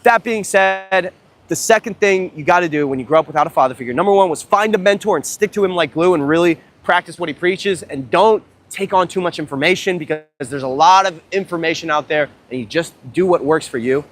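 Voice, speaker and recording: Excitable, profane young man on a beach. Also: fairly high pitch, fairly quick, a little hiss or hum. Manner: profane, excitable, rambling storytelling. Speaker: dating coach livestreamer. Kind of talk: casual livestream vlog. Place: outdoors at a beach.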